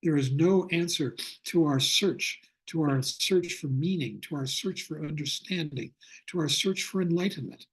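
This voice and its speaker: An older man teaching a Buddhist class over a video call, speaking in a reflective way and slowing down to stress his points. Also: on the high side, breathy edge. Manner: reflective, slows down for emphasis. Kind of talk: online lecture with storytelling.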